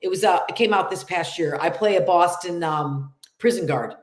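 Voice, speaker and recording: Nasal upstate New York woman, low voice. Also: normal speed, reverberant. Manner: chatty, animated storytelling with many fillers. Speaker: actress and playwright guest. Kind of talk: casual interview chat.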